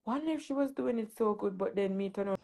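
A woman's voice: medium pitch, fast talker, mellow. A woman with a Jamaican accent hosting a casual live stream, joking and laughing in patois.

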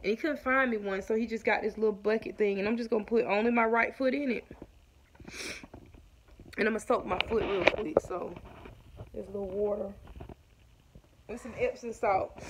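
A woman's voice: fairly high pitch, normal speed, long pauses, noisy background. A woman, chatting casually to her viewers at home, a bit short of breath. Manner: chatty, addresses viewers as y'all. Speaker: vlogger. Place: at home indoors.

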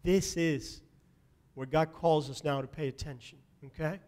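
A man delivers a Sunday sermon from the pulpit, his voice sitting high for a man. He preaches emphatically, punching some phrases loudly and dropping others to a near murmur. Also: unhurried. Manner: emphatic preaching with sharp swings between loud and soft. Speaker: pastor. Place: church sanctuary.

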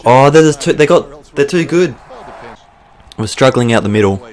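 In this let's play, a gaming YouTuber from Australia talks over his football game at a moderate pace in a mid-range voice. He's young, swears a lot, gets worked up and excited, and snaps in short bursts of frustration.

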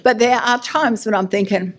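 A woman's voice: fairly high pitch, normal speed. A middle-aged woman giving a sermon as a minister, candid and self-mocking, laughing at herself as she talks.

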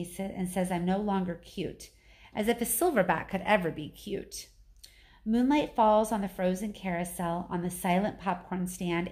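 A woman reads a children's novel aloud to her class with steady narration. Her voice sits at a plain middle pitch. She stumbles and restarts now and then but keeps the story moving. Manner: steady first-person narration with small slips and restarts. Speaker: teacher reading aloud.

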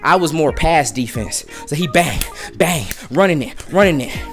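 A young man giving excited live commentary on a football video game, bursting into shouts with friends in the room. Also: on the high side, normal speed. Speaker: gameplay commentator. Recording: loud music over the voice.

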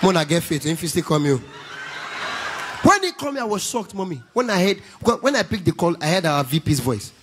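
A Nigerian comedian telling stories on a church stage, slipping into Pidgin and mimicking people. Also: male voice, on the high side, expressive, fast, hardly any pauses, noisy background. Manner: storytelling, Pidgin asides, mimicking others. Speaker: stand-up comedian. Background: keyboard music.

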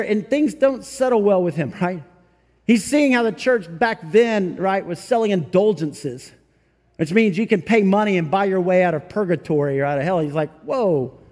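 A man with a high voice delivers a sermon from the church stage. He talks to the congregation conversationally, often tagging on "right?" and "you know?", and acts out little scenes in other people's voices. His words ring out with the long reverb of a large hall. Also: a little mellow. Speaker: pastor. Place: church sanctuary.

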